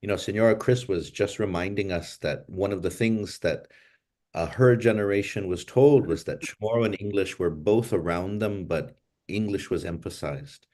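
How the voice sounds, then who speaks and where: A man's voice: sits low, moderate pace, mellow. A man hosting a language class over a video call, speaking in a thoughtful, reflective way and moving between Chamoru and English.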